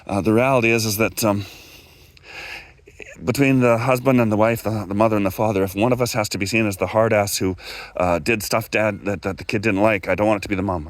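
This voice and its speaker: A Canadian man, a guest speaker who used to be an electrical instructor, tells stories casually in a rambling, digressive way full of fillers and restarts. He acts out quoted dialogue by raising his pitch, and the sound is dry and close.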